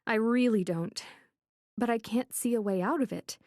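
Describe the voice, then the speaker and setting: A woman's voice: a little high, normal speed, darkish tone, dry recording, studio quality. A woman reading a first-person thriller audiobook with a wry, anxious inner voice. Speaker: audiobook narrator. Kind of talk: scripted first-person narration.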